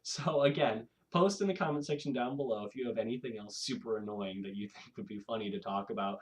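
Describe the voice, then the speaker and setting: A man hosting his own video, talking casually to camera in a rambling, animated way and laughing often. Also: on the low side, fast. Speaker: video host.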